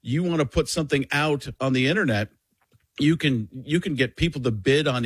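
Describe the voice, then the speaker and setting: A man from Wisconsin, guesting on a radio show as a comedian, who tells stories with animation and often restarts mid-sentence. He talks at a middle pitch into a studio mic, and the sound is dry and close. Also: brisk, breathy edge, dry recording. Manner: animated storytelling, self-interrupting. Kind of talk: casual radio interview chat.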